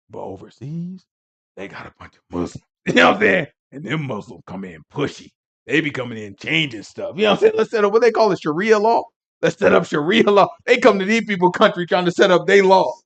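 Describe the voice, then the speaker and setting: Man, Bible teacher, high-pitched, animated, rambling, emphatic, laughs often. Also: brisk, vocal fry. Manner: emphatic, preachy asides. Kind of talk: Sabbath lesson teaching.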